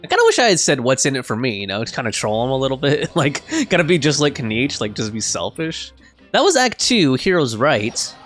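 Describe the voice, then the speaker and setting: A man's voice: medium pitch, sing-song, brisk, a bit bright, soft background music. A man giving casual let's-play commentary, rambling with lots of fillers. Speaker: gameplay commentator.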